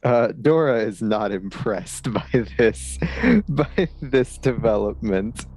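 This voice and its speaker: A man's voice: fairly low pitch, takes it slowly, darkish tone, rough recording. A man playing a tabletop role-play character with wry, unimpressed remarks, faint music behind. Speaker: player. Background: faint background music.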